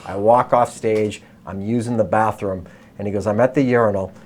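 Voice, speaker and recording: A man in casual chat, retelling a story with lively quoted voices. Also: fairly low pitch, moderate pace, slight background noise. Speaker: host.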